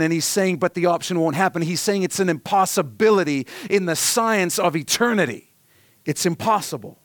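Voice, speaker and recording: A man preaching a sermon to his congregation, earnest and emphatic, repeating key phrases and sometimes dropping to a soft, hushed delivery. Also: a little high, no echo. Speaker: pastor.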